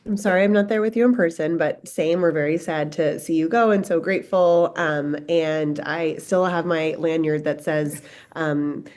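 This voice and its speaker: A woman, a board member joining remotely, offering warm, grateful thanks. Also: deep voice, fairly even intonation, moderate pace. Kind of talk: formal public meeting. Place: remote, not in the room.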